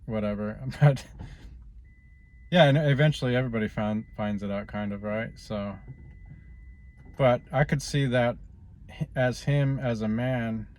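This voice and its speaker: Man, mid-pitched, rambling vlog commentary, filler-heavy, faint background noise. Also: a little slow, pauses often, darkish tone. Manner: rambling, lots of "you know" fillers. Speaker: vlogger.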